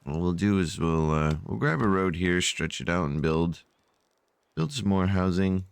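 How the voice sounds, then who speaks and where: A man's voice: low voice, a little slow, vocal fry, clean tone, dry recording. A sleepy man casually narrating his strategy game, rambling with many fillers and yawns, at a desk microphone at home. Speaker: gameplay channel host.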